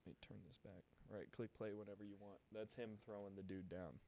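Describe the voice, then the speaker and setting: A young man in a casual podcast chat, an animated storyteller who laughs often and swears freely. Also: on the low side, fast, creaky, a little hiss or hum. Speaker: podcast participant. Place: podcast studio.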